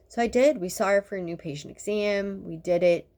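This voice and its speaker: This fifty-something dentist talks a little fast, with few pauses, in a mid-range, darkish voice. Her venting is blunt, sarcastic and full of profanity, wandering along in exasperation.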